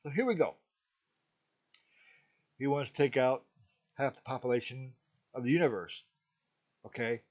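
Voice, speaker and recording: A man's voice: medium pitch, normal speed, long pauses, darkish tone. A middle-aged man reviewing a movie in a casual, rambling talk, often stopping to ask "okay?". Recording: dull lo-fi recording.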